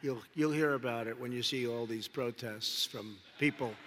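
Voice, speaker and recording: A man addresses a rally as a politician at normal speed, his mid-range voice a bit bright; he keeps circling back, repeating lines, and heaping on superlatives. Slight background noise and a large hall's long reverb color the audio.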